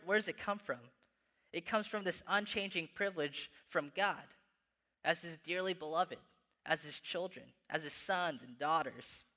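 A man's voice: high-pitched, sharp tone, big-room sound. A young man preaching a sermon to his church, earnest, often repeating words and restarting as he goes. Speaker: pastor.

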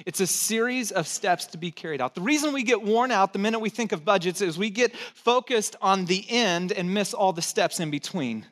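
A man's voice: sits high, normal speed, hardly any pauses, fairly bright tone. A middle-aged male pastor preaching a sermon, emphatic and conversational, repeating his key phrases. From born in Texas, raised in California.

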